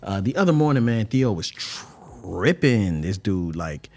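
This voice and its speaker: A lower-voiced man in his thirties, chatting on a podcast with an animated, slangy delivery. He tells stories and jumps into quoting people as he goes. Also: a little slow, faint music behind. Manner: animated storyteller, slangy, acts out quotes. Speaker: podcast co-host. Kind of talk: casual chat.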